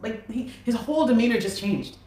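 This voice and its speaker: A woman recounting a personal story as an interview guest, animated and acting out the dialogue of others. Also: a little high, brisk. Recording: roomy echo.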